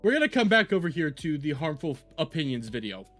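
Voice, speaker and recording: A woman streaming a live reaction to a video, talking bluntly, swearing freely and thinking out loud. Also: deep voice, very animated, brisk, soft background music.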